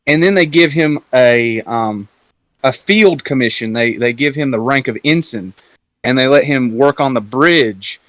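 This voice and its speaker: A man hosting a casual round-table talk, retelling a story in an animated way and acting out the quotes. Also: medium pitch, unhurried, no echo. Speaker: podcast host.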